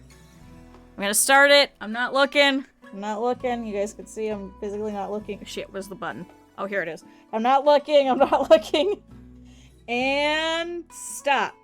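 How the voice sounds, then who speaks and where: A woman streamer with a slight lisp, chatting casually and excitedly with viewers while playing a game. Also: fairly high pitch, measured pace, soft background music. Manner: chatty and animated, often laughing. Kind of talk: casual gameplay chat with viewers.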